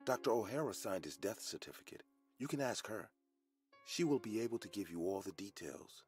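A man voicing a female hospital nurse in an animated horror story, giving news plainly. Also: on the low side, brisk, slightly rough, faint music behind. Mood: matter-of-fact.

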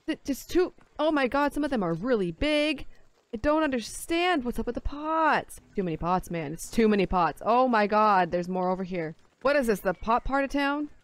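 A young adult woman streaming a game with casual commentary, swearing freely, laughing often and breaking into exasperated outbursts. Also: mid-range voice.

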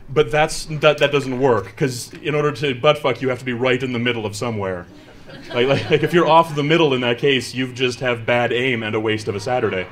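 This stand-up comedian has a medium-pitched, fairly bright voice and talks fairly quickly into a handheld mic on a live stage. Chatty and self-deprecating, he drops into quoted voices throughout his set.

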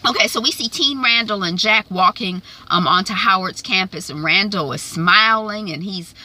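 Woman vlogger, casual TV recap, animated and slangy, piercingly bright voice. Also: medium pitch, normal speed, poor audio. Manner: animated retelling, chatty with frequent "um" and "like"; slangy, opinionated asides. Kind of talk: casual episode recap and review.

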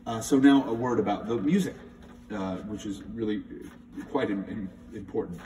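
A man's voice: lowish voice, moderate pace, mellow. A middle-aged man, a church music director, giving a conversational talk on hymns and reading the texts aloud with emphasis. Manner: thoughtful, conversational, reads hymn texts with emphasis. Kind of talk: spoken hymn talk with readings. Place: large church sanctuary. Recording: echoey church from a distance.

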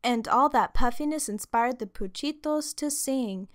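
A woman reading a children's story aloud in a lively, expressive way. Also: a little high, a little slow, few pauses. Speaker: storybook reader.

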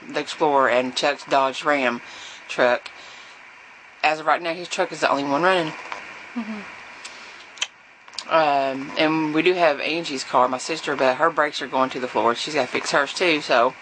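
A woman's voice: low voice, fairly bright tone, a little hiss or hum, low-quality recording. Chatty rambling woman vlogging. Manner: chatty and rambling, with fillers and restarts. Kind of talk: casual chat to camera.

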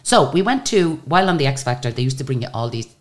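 An Irish woman with a very deep voice telling lively anecdotes in a casual interview. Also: quick pace. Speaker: singer and guest.

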